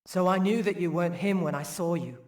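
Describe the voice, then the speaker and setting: A man's voice: sits high, brisk, lightly acted. An actor voicing a timid, eager young boy in a video game cutscene. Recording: game audio in an echoey hall.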